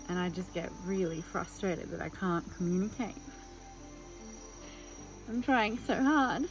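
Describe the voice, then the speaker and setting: A woman's voice: fairly low pitch, poor audio. Vlogger, woman, chatty and candid, music and crickets underneath. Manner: chatty and open, thinking aloud. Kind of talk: candid personal vlog.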